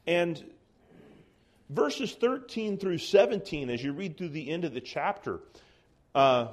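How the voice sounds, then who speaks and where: A man teaching a Bible study class, explaining calmly and reading scripture passages aloud, with some restarts. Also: fairly high pitch, measured pace.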